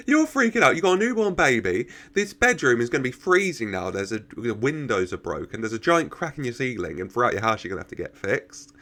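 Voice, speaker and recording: A man's voice: mid-range voice, big pitch swings, fairly quick, few pauses, bright, forceful tone. A man giving casual reaction commentary, chatting, laughing often and talking back to the characters on screen. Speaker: reaction video host.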